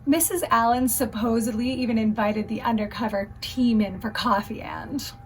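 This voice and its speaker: An actress playing a gossipy, wry neighbor, recounting rumors in a mock true-crime interview. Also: female voice, a little high, moderate pace, soft background music, close to an everyday voice. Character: gossipy middle-aged woman neighbor, wry.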